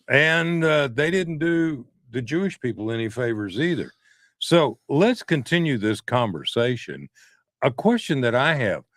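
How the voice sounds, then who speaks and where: A man hosting a veterans talk show, enthusiastic and interjecting, often clearing his throat. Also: medium pitch, no room sound, studio quality. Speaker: show host.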